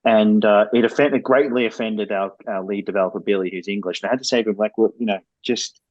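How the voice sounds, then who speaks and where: A low-voiced man speaks as a game developer guest on a podcast and candidly explains his work at length. His voice is dry and close, and the audio sounds dull and lo-fi. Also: steady tone, quick pace, darkish tone, dry recording. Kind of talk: podcast interview.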